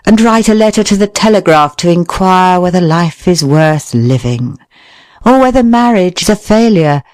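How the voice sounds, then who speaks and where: Slow, lively audiobook narrator. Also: medium pitch, no room sound, studio quality. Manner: measured, expressive reading that voices short quoted remarks. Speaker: audiobook reader. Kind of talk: scripted narration of a nonfiction book.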